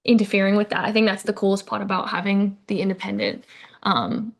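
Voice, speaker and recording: A woman's voice: mid-range voice, a little fast, creaky. Enthusiastic young woman. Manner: enthusiastic, agreeable. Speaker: actress guest. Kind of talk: casual interview chat.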